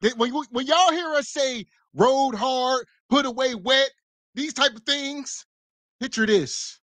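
A man's voice: very high-pitched, slow, a bit bright, no echo. A man co-hosting a reaction podcast, laughing often and hyping up the viewers. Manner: laughing, hype, urges viewers to like. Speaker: podcast co-host. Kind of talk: casual reaction commentary.

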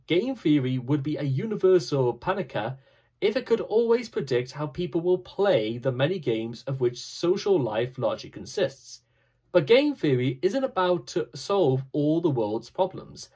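A man reading a scripted reflective talk with dry, wry humor and a measured, explanatory delivery. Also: fairly high pitch, darkish tone, breathy edge. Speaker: speaker giving a short reflective talk.

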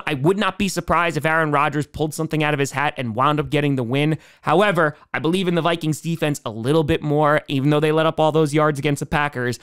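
A young man talks through weekly football predictions in a comedic monologue. His voice sits high and sounds smooth and clear, and he keeps it animated, dropping into low mutters for his jokes. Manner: animated and wisecracking, jumping between highs and lows. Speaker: comedic sports commentator.

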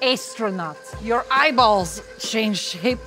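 A woman's voice: on the high side, animated, slow, bright, forceful tone, soft background music, exaggerated voice. A woman voicing a brusque female cosmonaut in a put-on Russian accent, speaking blunt, broken English. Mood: deadpan.

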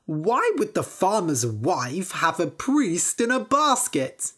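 A woman reading a storybook aloud, voicing a sly young male trickster with a smooth, scheming manner. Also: lowish voice, big pitch swings, takes it slowly, a bit bright, full character voice.

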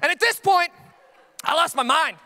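A young adult man preaching a sermon as pastor, telling stories with comic, animated outbursts. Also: very high voice, moderate pace. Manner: comedic storytelling with animated outbursts.

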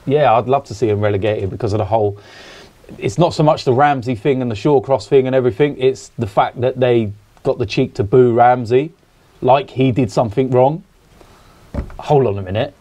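A man from England talks in a casual podcast chat, blunt and fired up, with curses slipped in. His voice sits at an ordinary pitch. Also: normal speed, warm tone. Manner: blunt, passionate, swears freely. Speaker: podcast guest.

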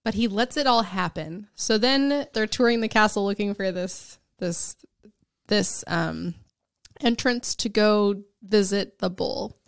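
A woman's voice: mid-range voice, unhurried, vocal fry, no echo, clean studio sound. A woman co-hosting a casual book podcast, retelling the plot in a chatty way. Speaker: podcast co-host.

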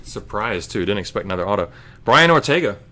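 A man's voice: lowish voice, very animated, brisk, pushed and bright. A man hosting a live trading card break, casually calling out each card as he opens packs.

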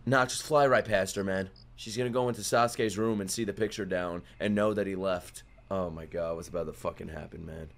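A man giving casual live reaction commentary while watching an anime, swearing freely and swinging between quiet muttering and loud outbursts. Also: low-pitched, fairly quick, few pauses. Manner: excitable, profane, swings from muttering to shouting. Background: faint anime soundtrack music.

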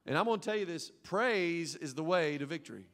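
Fired-up pastor guy preaching, higher-ish voice, loud then hushed, big hall echo. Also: animated, brisk. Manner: fervent preaching with call-and-response prompts; swings from loud exclamations to quiet asides. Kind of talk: sermon. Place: church sanctuary.

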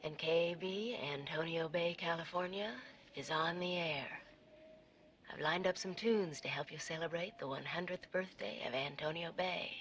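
A calm, intimate late-night radio DJ, her tone sitting a little low and easy. She speaks softly, as if over the airwaves to listeners in the dark, with a faint hiss under her. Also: normal speed. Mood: soothing. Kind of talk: film dialogue clip.

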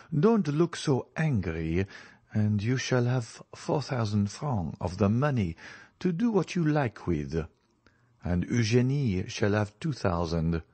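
A man's voice: lowish voice, a little mellow, slightly rough, dry recording, full character voice. A man doing a boastful, wheedling banker. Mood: coaxing. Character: boastful, flustered middle-aged male banker.

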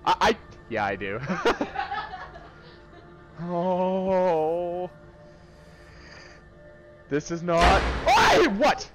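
A young man playing a horror game at a friend's home, reacting out loud. He talks to himself, exclaims when startled and laughs nervously. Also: high-pitched, big pitch swings, drawn-out words, pauses often, over music.

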